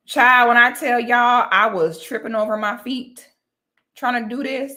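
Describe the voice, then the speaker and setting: Young woman, chatty vlogger, bright, fairly high voice. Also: a little slow. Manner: chatty, animated, talks straight to her audience as "y'all". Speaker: vlogger talking to viewers. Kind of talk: casual chat to camera.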